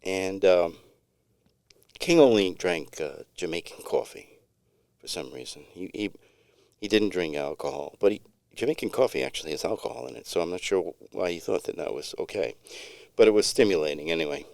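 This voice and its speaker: A man's voice: sits low, lively intonation, moderate pace, vocal fry, a little mellow, no room sound, studio quality. A middle-aged man co-hosting a podcast, telling a long story in a rambling, laid-back way with many restarts. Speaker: podcast co-host. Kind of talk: casual storytelling chat.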